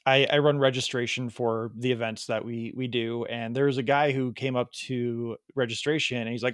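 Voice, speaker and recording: Rambling Chicago-accented podcast host. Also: male voice, medium pitch, steady tone, normal speed, few pauses, a bit bright, dry recording, clean studio sound. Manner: rambling storyteller, laughs at himself. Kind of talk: casual chat.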